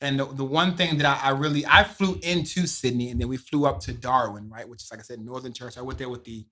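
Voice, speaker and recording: A man chatting on a podcast, telling travel stories with lively asides and frequent "right?" tags. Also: medium pitch, quick pace. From United States. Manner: animated storyteller who keeps adding "right?". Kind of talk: casual chat, storytelling.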